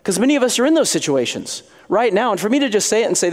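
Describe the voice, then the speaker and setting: A man's voice: sits high, big pitch swings, rapid-fire, few pauses. Earnest preacher man in a reverberant hall. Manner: earnest, rising to emphatic questions, dropping soft on key lines. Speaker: pastor. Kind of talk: sermon.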